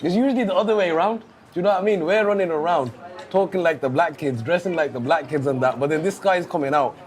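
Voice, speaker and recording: Male documentary interviewee, Birmingham accent, earnest, voice on the higher side. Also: fast.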